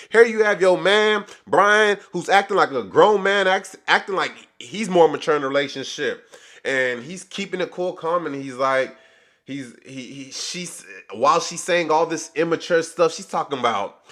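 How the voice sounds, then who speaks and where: A man's voice: fairly high pitch, animated, normal speed, a bit bright. A man hosting his own channel, giving a casual, rambling review of a reality show full of slang. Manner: rambling, chatty retelling with slang.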